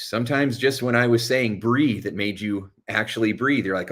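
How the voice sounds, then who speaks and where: A man with a fairly low voice delivers a motivational self-help talk as a coach. He talks quickly and urgently, pressing advice on the listener. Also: fairly bright tone. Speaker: hypnotherapist and coach.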